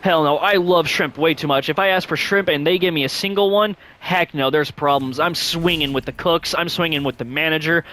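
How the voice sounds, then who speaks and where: A man hosting a gaming vlog in loose, casual chat. His voice sits a little high and keeps leaping upward mid-thought, padded with fillers as he rambles along. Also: brisk, hardly any pauses, sharp tone, a little hiss or hum. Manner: rambling, many fillers, sudden upward pitch jumps. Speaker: gaming channel host.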